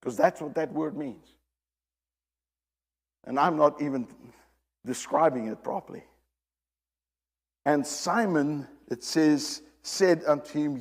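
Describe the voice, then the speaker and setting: A man's voice: fairly high pitch, slow pace, long pauses, big-room sound. A man preaching a sermon, emphatic and direct with the congregation, often repeating and restarting his phrases.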